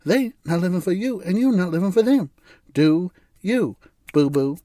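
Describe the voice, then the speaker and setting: A man's voice: high-pitched, expressive, normal speed, dark tone, no echo, clean studio sound, voice pushed up. A man voicing a sassy, fierce female motivational influencer giving a preachy pep talk.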